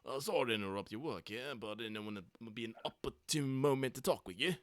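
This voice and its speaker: A man's voice: mid-range voice, fast talker, a bit bright, dry recording, clean studio sound, close to an everyday voice. A man voicing an easygoing male adventurer who talks in a hesitant, rambling way. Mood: polite.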